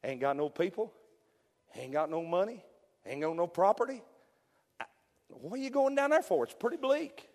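A middle-aged man preaching a fervent revival sermon, swinging from loud peaks to hushed storytelling. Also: high voice, animated, normal speed, long pauses. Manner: fervent, builds to shouted peaks then drops to hushed storytelling. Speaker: pastor. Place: church sanctuary. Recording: long hall reverb.

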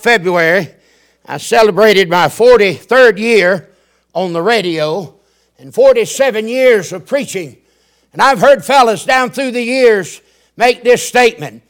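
Older man, radio preacher, fiery sermon, high-pitched, shouting at peaks. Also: lively intonation, measured pace.

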